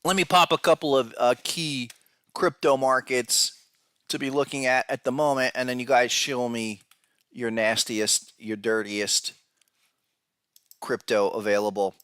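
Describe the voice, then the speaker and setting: A man's voice: medium pitch, fairly even intonation, a little slow, fairly bright tone, clear, resonant tone, dry recording, clean studio sound. A man hosting a podcast, giving casual market analysis, who talks to viewers directly and often repeats words as he goes. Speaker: podcast host and trading analyst.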